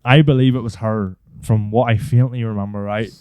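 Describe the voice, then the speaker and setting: A man's voice: on the low side, fairly even intonation, a little fast, darkish tone, clear, resonant tone, no echo. A young man, telling a rambling school story on a podcast, swearing freely and acting out the people in it. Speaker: podcast co-host. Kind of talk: casual storytelling chat.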